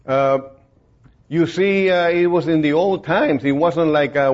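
A man's voice: on the high side, measured pace, darkish tone. A man preaching an informal sermon in a plain-spoken, folksy way, rambling with many fillers and restarts. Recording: dull lo-fi recording.

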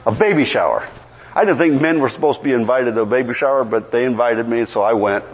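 A man with a medium-pitched voice and a quick pace preaches a sermon. He opens with an animated, funny story, then builds to emphatic preaching as the congregation answers him.

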